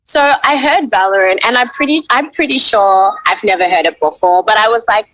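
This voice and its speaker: A woman's voice: mid-range voice, brisk, no room sound, rough recording. A woman with an Australian accent, a voice actress guest telling her story on a video call and acting out quoted reactions. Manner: animated, acts out quoted reactions. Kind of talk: casual interview storytelling.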